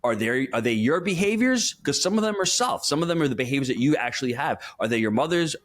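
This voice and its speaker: Animated, emphatic male money coach. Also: mid-range voice, fast talker. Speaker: money coach and podcast guest. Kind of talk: conversational interview.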